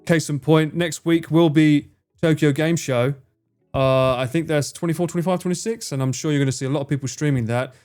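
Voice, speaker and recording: A man's voice: on the high side, fairly quick, a little mellow, clean tone, soft background music. A man chatting casually on a livestream, reading chat, swearing freely and bantering with a teasing tone.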